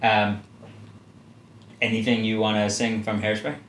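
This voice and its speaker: Dad hosting a relaxed family podcast: gentle, encouraging, asks easy questions; roomy echo on the recording. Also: male voice, fairly low pitch, unhurried. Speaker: father and podcast host. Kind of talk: casual parent-child podcast chat. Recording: roomy echo, faint background hum.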